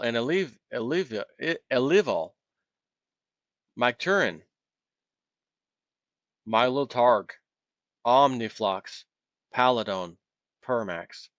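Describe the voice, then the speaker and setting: A man's voice: mid-range voice, a bit bright, dry recording, dull audio. A man hosting a solo commentary video, ranting in a heated, impassioned way and acting out imagined callers.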